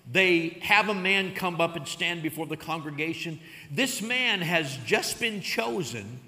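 A man pastor preaching a sermon, telling a story with big swings from hushed to loud. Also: high voice. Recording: long hall reverb.

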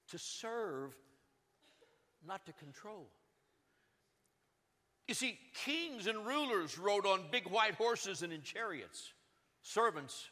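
A man preaching a sermon as pastor, swinging between loud urgency and hushed, drawn-out emphasis. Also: high voice. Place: church sanctuary. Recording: long hall reverb.

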